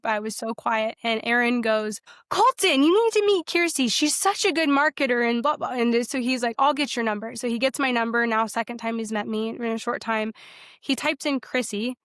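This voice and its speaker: A young woman with a fairly high voice tells her faith story in a casual podcast. She acts out the dialogue and fills her sentences with "like". The sound is dry and close to the mic. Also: dry recording. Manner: animated, quotes herself and others in dialogue, frequent "like". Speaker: podcast guest sharing her testimony.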